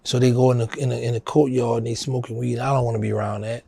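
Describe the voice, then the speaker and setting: A middle-aged man with a New Orleans accent tells his story in a gravelly, husky voice. He animates the dialogue, jumping up in pitch to act out what people said. The sound is close and dry. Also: quick pace, no echo. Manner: animated storyteller, acting out quotes in a higher voice. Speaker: interview guest. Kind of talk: casual storytelling.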